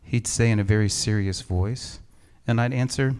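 Man preaching a measured, reflective sermon. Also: mid-range voice. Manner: measured, reflective storytelling with gentle humor. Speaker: pastor. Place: empty church sanctuary.

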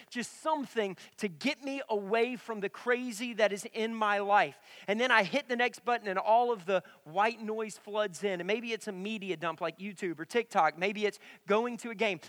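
A young man with a fairly high voice preaching to a church room. He tells stories with lively energy, then drops to a hushed tone for emphasis. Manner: animated storytelling, swings from loud to hushed. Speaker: pastor. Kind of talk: sermon.

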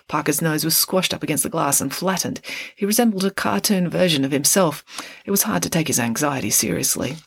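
A woman author reading a chapter of her own story aloud, expressive and playful. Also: low voice, a little fast, creaky, husky, no echo.

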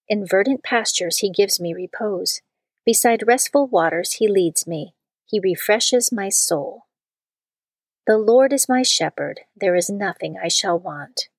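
A woman giving a measured, solemn reading of scripture and prayers. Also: mid-range voice, no room sound. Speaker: scripture reader.

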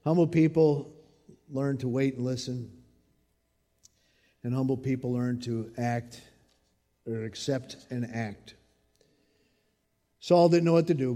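A man preaching a sermon in an expressive, conversational way. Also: mid-range voice, measured pace, pauses often. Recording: long reverb in a large hall.

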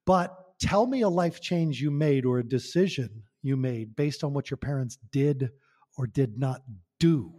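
A man's voice: mid-range voice, a little slow, warm tone, long reverb tail. A man talking as a podcast guest, passionate and emphatic, asking rhetorical questions. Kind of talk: conversational podcast talk.

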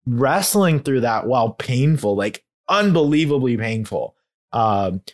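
A young man in a candid conversation about faith, talking in a halting, heartfelt way with many fillers and growing emotional. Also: medium pitch, sing-song. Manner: grows emotional while talking. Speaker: guest.

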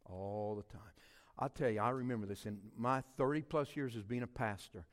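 A middle-aged man, preaching a sermon as a pastor, swinging between loud emphatic passages and quiet ones. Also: medium pitch, moderate pace, big-room sound. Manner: animated preaching with big swings in loudness.

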